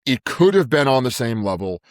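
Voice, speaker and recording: A man's voice: mid-range voice, very animated, fairly quick, no echo, studio quality. A man co-hosting a podcast, talking in an emphatic way, repeating words and calling his co-host "dude". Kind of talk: casual chat.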